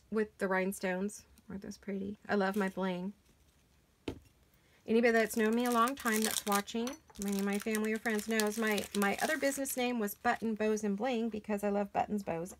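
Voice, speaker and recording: A hoarse middle-aged woman chats away as she crafts in her home studio, her voice rough and gravelly with a froggy edge. She rambles casually from one thought to the next while working with her hands. A faint hiss sits under the recording. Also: mid-range voice, moderate pace. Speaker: crafting channel host. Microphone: camera mic while sitting back from a craft table.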